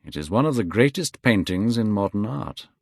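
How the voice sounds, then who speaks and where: A man voicing a witty, cynical aristocratic gentleman in a cool, dry manner. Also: fairly low pitch, very animated, normal speed, no echo. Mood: amused.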